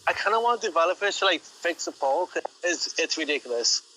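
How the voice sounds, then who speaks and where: A man's voice: fairly high pitch, expressive, fairly quick, sharp tone, a little hiss or hum, low-quality recording. A man chatting casually as a stream co-host on a voice call, laid-back and asking questions.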